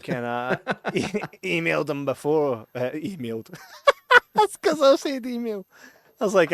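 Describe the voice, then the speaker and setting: A man's voice: fairly high pitch, sing-song, a little slow, no room sound. A Scottish man co-hosting a podcast in casual chat, laughing often and swearing, with Scots slang. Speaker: podcast co-host. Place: studio.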